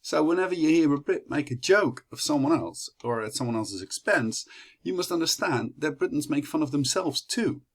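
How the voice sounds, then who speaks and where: A man's voice: a little high, lively intonation, normal speed. A young man from the Netherlands with a Dutch accent, giving a chatty class presentation full of fillers and restarts. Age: young adult. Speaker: student presenter.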